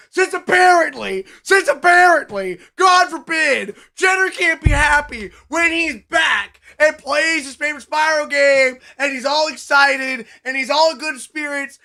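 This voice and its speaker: High, bright melodramatic male streamer. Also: normal speed, vocal fry. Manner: melodramatic, mock-whining outbursts. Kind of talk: live gameplay stream chat.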